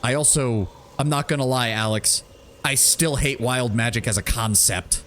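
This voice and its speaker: A man's voice: mid-range voice, moderate pace, a bit bright, slight background noise. A man giving casual, rambling live commentary while streaming a game, thinking aloud and swearing freely.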